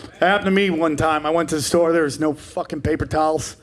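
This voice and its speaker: A man in his forties doing a stand-up comedy set, brash and profane, shouting his punchlines and acting out the people in his stories. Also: fairly high pitch, fairly even intonation, fast talker. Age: 40s. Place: comedy club stage in front of a live audience.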